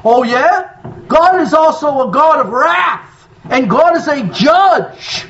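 A man's voice: very high voice, lively intonation, slow, fairly bright tone. A man preaching a sermon as pastor, quoting scripture with strong emphasis and calling out to his congregation for responses. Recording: dull lo-fi sound.

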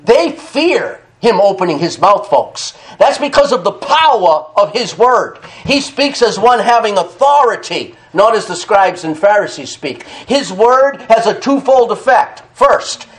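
A man preaching a sermon emphatically, repeating key phrases, calling out to the congregation for an "amen" and laughing between points. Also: high-pitched.

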